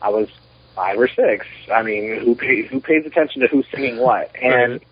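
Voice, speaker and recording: A man in his thirties, a documentary producer, chatting as a podcast guest and telling animated, rambling stories with many restarts. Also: mid-range voice, normal speed, slightly rough. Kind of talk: casual interview chat. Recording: muffled lo-fi podcast audio.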